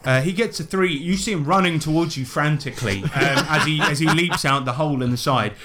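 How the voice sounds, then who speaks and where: A man's voice: a little high, fairly quick, background noise. Man narrating as a game master. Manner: casual, laughing asides.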